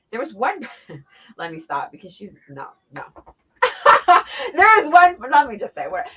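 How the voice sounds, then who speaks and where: A woman guest in a casual interview, telling stories in a blunt, profane and animated way. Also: medium pitch. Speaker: interview guest, former wrestler. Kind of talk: casual chat. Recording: dull lo-fi sound.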